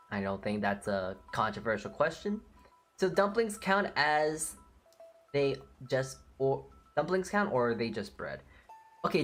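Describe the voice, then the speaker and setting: A woman streamer chatting casually on a live stream, blunt and opinionated, with casual swearing. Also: extremely low pitch.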